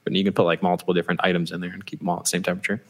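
Male podcast co-host, slightly low voice, rambling and profane banter. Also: little pitch movement, very fast. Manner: rambling and joking, swears freely.

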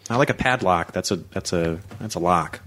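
A man's voice: low voice, normal speed, a bit bright. A man chatting casually as a podcast guest, joking and laughing often.

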